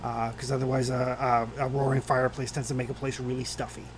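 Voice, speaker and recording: A man's voice: medium pitch, level tone, fast, a little hiss or hum. A man narrating and ruling as game master in a tabletop game, talking with many fillers and restarts.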